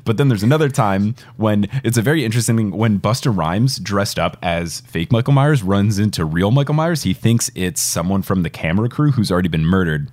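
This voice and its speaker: A man's voice: on the low side, expressive, brisk, hardly any pauses, a little mellow. A man co-hosting a podcast, chatting about a film and explaining its rap references, chuckling now and then. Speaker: podcast co-host. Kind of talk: casual movie discussion.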